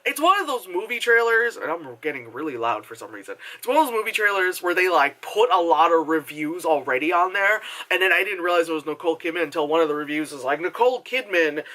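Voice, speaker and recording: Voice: medium pitch, animated, fast, few pauses, sharp tone. A movie reviewer talking casually to a camera, swearing freely, filling the talk with fillers and tangents, and mimicking other people. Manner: heavy filler words, goes off on tangents. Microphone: camera mic.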